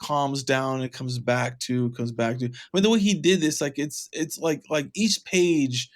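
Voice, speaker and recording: A man's voice: mid-range voice, fairly even intonation, measured pace. A man co-hosting a podcast in casual chat, rambling with many restarts and some casual swearing. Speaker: podcast co-host.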